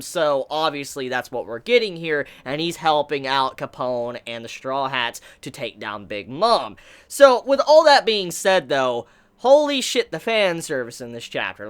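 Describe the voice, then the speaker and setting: A woman reviewing a manga chapter in a casual vlog, excitable and profane, often breaking into laughter. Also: low-pitched.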